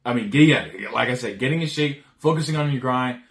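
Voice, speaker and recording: A man's voice: medium pitch, brisk, creaky, a bit bright. A man talking loosely through dating advice in a medium voice. He stumbles over restarts and repeated words, and leans heavily on slang and casual swearing. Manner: rambling, frequent restarts, slangy and profane; acts out dialogue lines.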